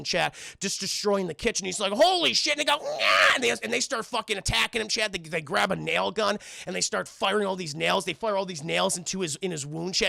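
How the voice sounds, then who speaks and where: Male streamer, high gravelly voice, lively film recap, dry close mic. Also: dry recording. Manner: animated, acts out characters in shouted voices. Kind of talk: excited movie recap to live chat.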